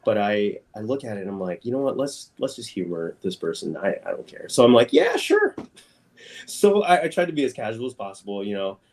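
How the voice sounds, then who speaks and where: A man chats in a casual interview as a guest artist. He tells his story with animation, jumping up in pitch when he quotes other people. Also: expressive, quick pace, hardly any pauses, darkish tone.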